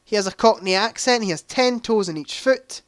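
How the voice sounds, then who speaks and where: A man's voice: high-pitched, normal speed, dry recording, clean studio sound. A young man hosting a casual livestream quiz, chatty, reading out answer options and adding joking asides. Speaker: livestream host.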